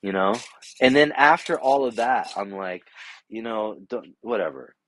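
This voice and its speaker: A man's voice: fairly low pitch, lively intonation, measured pace, fairly bright tone, dry recording. A middle-aged man telling a story in a casual, rambling way, exasperated, acting out both sides of an argument. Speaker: vlogger. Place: home garage workshop.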